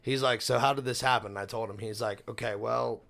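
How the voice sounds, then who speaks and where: A man's voice: mid-range voice, fairly even intonation, brisk, vocal fry, fairly bright tone. A young man co-hosting a podcast, telling a long workplace story in casual chat, swearing constantly. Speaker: podcast co-host.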